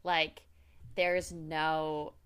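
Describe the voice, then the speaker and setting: A young woman co-hosting a podcast, chatting in an animated way and swearing freely. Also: sits low, drawn-out words, smooth. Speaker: podcast co-host. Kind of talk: casual chat.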